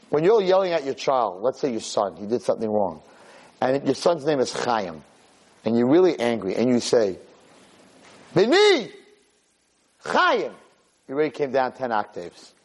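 Animated, husky-voiced man giving a Torah lecture. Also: rough recording. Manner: animated, acts out shouting parents in high pitch. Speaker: Torah teacher.

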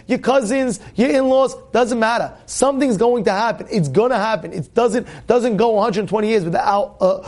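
A man giving an informal Torah talk to young listeners, animated and repetitive, full of fillers and restarts. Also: high voice. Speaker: Torah teacher.

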